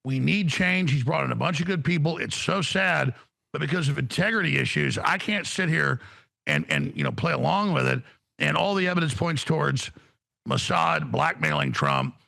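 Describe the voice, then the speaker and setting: A man's voice: fairly high pitch, big pitch swings, moderate pace, vocal fry, bright, forceful tone. A man who is a guest on a talk show, speaking over a remote video call in a rambling, stammering and emphatic way. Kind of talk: political talk show conversation. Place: remote studio.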